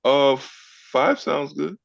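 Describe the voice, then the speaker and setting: A man's voice: a little high, expressive, slow, vocal fry, no echo, muffled recording. A man with a New Orleans accent taking part in a casual book discussion group, earnest and self-deprecating.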